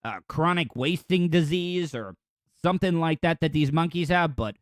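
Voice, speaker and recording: A man's voice: fairly high pitch, normal speed, dry recording, studio quality. Rambling joking podcast host, man. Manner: rambling, crude joking asides. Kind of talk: comedic news commentary.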